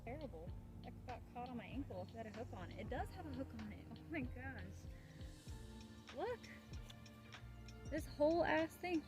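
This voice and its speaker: A young woman talks casually to her stream while fishing from the bank of an outdoor pond. Her voice sits high and swings all over, playful and chatty, and it turns into excited shrieks and laughs when a fish bites. Music plays clearly underneath. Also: moderate pace, long pauses. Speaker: fishing vlogger. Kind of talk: casual live-stream chat.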